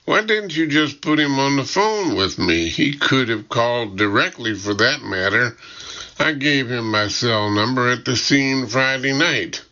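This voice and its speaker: A man voicing a blunt woman chief medical examiner who asks sharp questions, in an audiobook. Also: mid-range voice, lively intonation, a little slow, lo-fi sound, pitched above the performer's own voice. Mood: impatient. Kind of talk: audiobook character voice.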